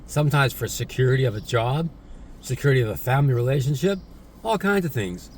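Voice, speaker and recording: A man's voice: medium pitch, animated, fast, slight background noise. A man giving a casual spoken English lesson, repeating himself and tagging questions onto his points. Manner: repetitive, tag questions like "right?" and "isn't it?". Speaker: English teacher.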